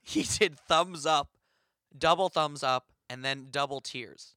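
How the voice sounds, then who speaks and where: A man voicing a mime's translator in a put-on French accent, speaking slowly and sorrowfully. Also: fairly high pitch, sharp tone, no room sound, clean studio sound. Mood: mock-sad. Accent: mock French. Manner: slow, sorrowful mock-translation. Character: man mimicking a mime in a mock French accent.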